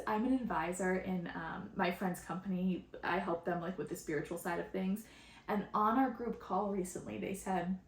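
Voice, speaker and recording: Chatty, excitable woman podcaster. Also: mid-range voice. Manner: chatty, excitable, laughs often, casual slang. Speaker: podcast host and channeler. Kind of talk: casual spiritual podcast monologue. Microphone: phone. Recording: roomy phone recording.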